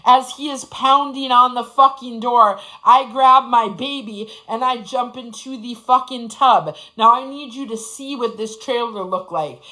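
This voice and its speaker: A woman in her forties shares her personal story in an impassioned, profane testimony, repeating phrases for emphasis. Her voice sits on the high side with a sharp tone, unhurried yet with hardly any pauses, and the recording is rough.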